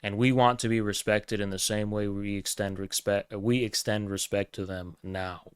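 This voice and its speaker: A political streamer rants casually in a flat, smooth voice at normal speed, with no echo. He is sarcastic, profane and mocking, slipping into high put-on voices.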